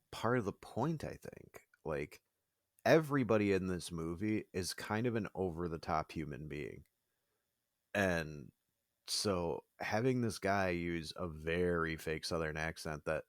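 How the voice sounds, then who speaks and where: A man's voice: low voice, no echo, studio quality. A man co-hosting a podcast, talking casually and animatedly, with frequent "like" and laughs. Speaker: podcast co-host.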